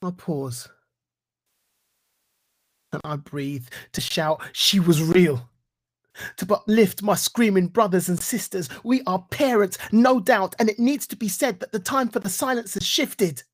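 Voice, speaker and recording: A man giving a reflective talk and reciting spoken-word poetry in an earnest, rhythmic way with deliberate pauses. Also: high-pitched. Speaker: guest speaker.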